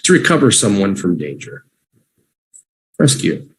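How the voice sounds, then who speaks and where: A man teaching English vocabulary on a livestream, repeating each word slowly for learners to say with him. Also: lowish voice, very animated, slightly rough. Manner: slow, drawn-out repetition for learners.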